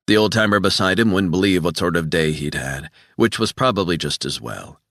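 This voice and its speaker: A man reading an audiobook in measured, scripted narration. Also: low-pitched, lively intonation, a bit bright, dry recording, studio quality.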